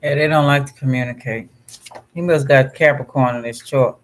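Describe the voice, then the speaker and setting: A man's voice: medium pitch, steady tone, normal speed. A man hosting a vlog, reading astrology text aloud and breaking off into casual, conversational asides. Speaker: vlog host.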